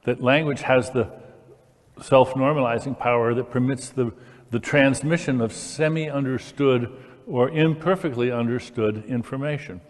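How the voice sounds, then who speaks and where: Mid-pitched guy getting excited explaining his point onstage, with lots of hall echo. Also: normal speed. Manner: enthusiastic, demonstrative, with fillers and restarts. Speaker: public conversation speaker. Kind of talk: lively onstage discussion. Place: large hall, in front of an audience. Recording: long hall reverb.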